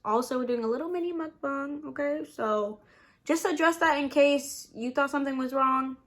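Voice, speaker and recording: A young woman in college, chatting casually to camera as a vlogger while eating, relaxed and rambling with many fillers. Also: sits high, moderate pace. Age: young adult. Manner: relaxed, rambling, lots of "like" and "you know".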